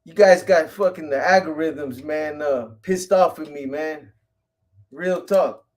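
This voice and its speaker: A man's voice: fairly high pitch, measured pace. A middle-aged man hosting a casual live stream, rambling and profane, greeting viewers by name in street slang. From California.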